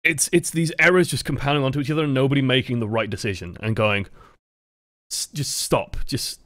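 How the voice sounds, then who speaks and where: A man's voice: mid-range voice, quick pace, fairly bright tone, no echo. An English man coaching over gameplay footage, talking in a casual, rambling and profane way. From England. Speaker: game coach. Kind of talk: gameplay review commentary.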